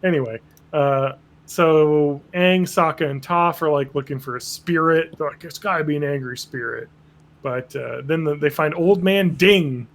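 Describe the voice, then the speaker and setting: Guy with a raspy fry voice, kinda high, rambling podcast chat w crude jokes. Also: moderate pace. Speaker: podcast host. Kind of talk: casual chat recapping a cartoon episode.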